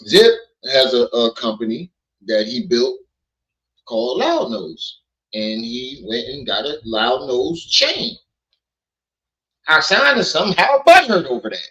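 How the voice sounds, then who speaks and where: A man's voice: mid-range voice, big pitch swings, takes it slowly, a bit bright, low-quality recording. A man hosting a casual livestream, joking and swearing as he talks to his chat. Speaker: livestream host. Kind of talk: casual commentary stream. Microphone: streaming mic.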